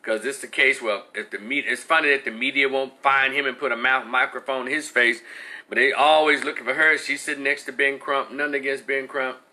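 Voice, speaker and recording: Brief: exasperated male commentator, blunt and profane, sharp and bright sound. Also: medium pitch, steady tone, fairly quick. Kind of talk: heated opinion rant.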